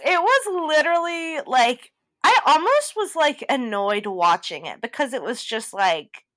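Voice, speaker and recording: A woman co-hosting a casual podcast, her voice fairly high. She tells stories animatedly and sprinkles in "like" fillers, her pitch bouncing widely. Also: a little slow. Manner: animated storyteller, many "like" fillers, laughs often. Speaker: podcast co-host. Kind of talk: casual chat recapping a TV show.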